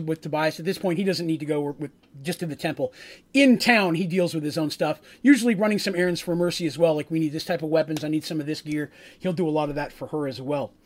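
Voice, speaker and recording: A man game master recapping a tabletop game session, rambling with many fillers and asides. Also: fairly high pitch.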